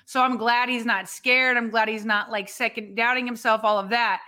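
Woman, sports podcast co-host, bright tone, fairly high pitch, chatty questions. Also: steady tone, normal speed. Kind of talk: casual podcast chat.

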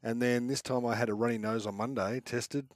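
A man's voice: mid-range voice, fairly even intonation, a little fast, no echo. A man, a regular panelist on a sports talk show, chatting in a laid-back, self-mocking way in a small studio. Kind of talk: casual sports chat.

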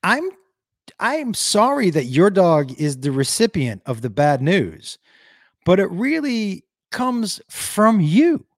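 Middle-aged male streamer, lively swooping delivery, a bit high-pitched, close dry mic, profane ranting storyteller. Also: slow pace, no room sound. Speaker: live streamer reading viewer comments. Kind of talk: casual livestream chat.

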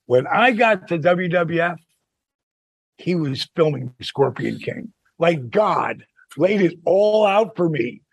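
An older man with a gravelly, husky voice spins loose, animated stories on a podcast. He swears freely and slips into quick impressions of the people in his tales. The sound is dry and close, with no room around him. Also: fairly high pitch, no room sound. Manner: animated, profane, acts out quoted voices. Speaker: podcast host telling wrestling stories. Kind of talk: casual storytelling chat.

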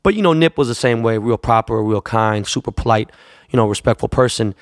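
A man's voice: fairly low pitch, fairly even intonation, fairly quick, no echo, studio quality. A man, a jeweler, telling a long casual anecdote in a profane, rambling way, acting out the people he quotes. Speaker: jeweler and store owner.

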